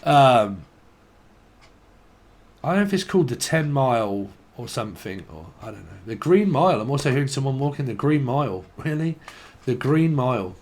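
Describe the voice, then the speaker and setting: A man's voice: mid-range voice, big pitch swings, normal speed. A man giving a tarot reading, rambling stream-of-consciousness style, swearing freely and laughing at himself. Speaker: tarot reader.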